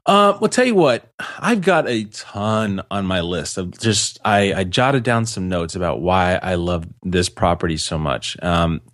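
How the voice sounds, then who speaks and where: A man chatting casually on a podcast with a fairly low voice. He rambles and restarts his sentences, full of ums and you-knows. The close mic sounds dry, with no room around it. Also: lively intonation, measured pace, few pauses, fairly bright tone, dry recording. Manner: rambling, many fillers and restarts, laughs easily. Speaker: podcast co-host.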